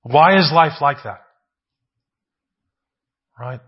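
A man's voice: fairly high pitch, drawn-out words, slightly rough, muffled recording. A man preaching a sermon, asking rhetorical questions, often adding "right?" and repeating phrases for emphasis.

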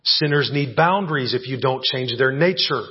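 In a church sanctuary, a male pastor with a breathy-edged, medium-pitched voice preaches at normal speed in a conversational style, regularly checking in with the congregation. The audio is a dull, lo-fi church recording.

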